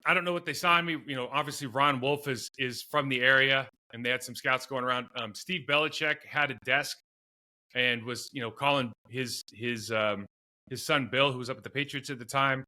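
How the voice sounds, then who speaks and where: A man's voice: mid-range voice, fairly even intonation, brisk, sharp tone. A middle-aged man, a former pro football player, telling long self-deprecating stories in a podcast interview, with many restarts and asides.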